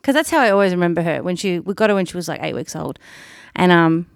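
A woman co-hosting a podcast from home, in playful casual banter, laughing often and jumping into silly high voices. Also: lively intonation, fast talker, gravelly, no echo, clean studio sound. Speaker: podcast co-host. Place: home, with dogs nearby.

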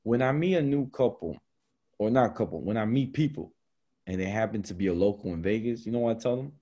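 Dark-toned young man telling stories. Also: on the low side, brisk, lo-fi sound. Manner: slangy, animated, peppered with "bro" and "man". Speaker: podcast host. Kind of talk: casual storytelling chat.

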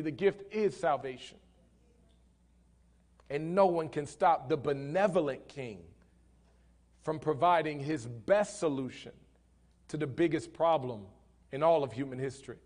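A male pastor preaching a sermon in church, punctuating his lines with hallelujahs and swinging between loud bursts and quiet lines. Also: a little high. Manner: preaching with frequent hallelujahs, swelling and dropping in volume. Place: church hall.

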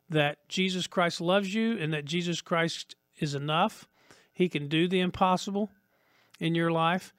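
A man's voice: fairly high pitch, a bit bright, dry recording. Earnest man preaching a dry-sounding sermon. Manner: earnest, repetitive, rising to emphatic peaks. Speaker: pastor.

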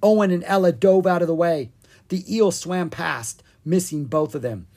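A reader narrating a children's storybook in an animated, playful way, reading the sound effects aloud. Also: medium pitch, normal speed. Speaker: audiobook reader.

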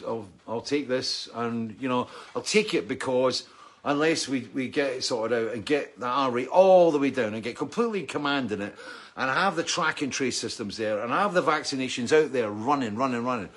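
A man's voice: medium pitch, fairly bright tone. A middle-aged man with a Scottish accent, hosting a weekly video chat and ranting with plenty of swearing. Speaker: vlog host.

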